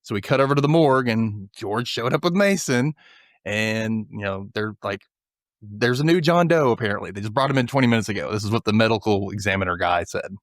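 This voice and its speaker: A man's voice: on the low side, fast talker, no echo, studio quality. A man hosting a podcast, casually recapping a TV episode and briefly acting out the characters' lines as he tells it. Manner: animated, acts out characters' lines while retelling scenes.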